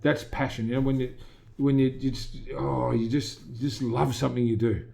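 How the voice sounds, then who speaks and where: A middle-aged Australian gym owner talking as a guest in a casual interview, emphatic and motivational, often quoting himself. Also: male voice, mid-range voice, flat delivery, moderate pace, vocal fry, darkish tone.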